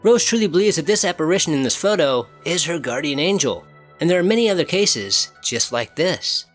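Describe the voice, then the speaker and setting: A man's voice: on the high side, animated, a little fast. A man hosting and narrating paranormal stories in a scripted, emphatic storytelling way. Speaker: channel host and narrator. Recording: faint background music.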